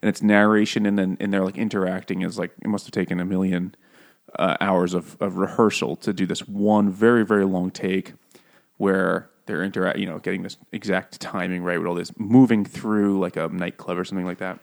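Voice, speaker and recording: A man's voice: low voice, level tone, fairly quick, vocal fry. A man in casual podcast chat, laughing often, swearing and mimicking characters in goofy voices. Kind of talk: casual chat about a book and film.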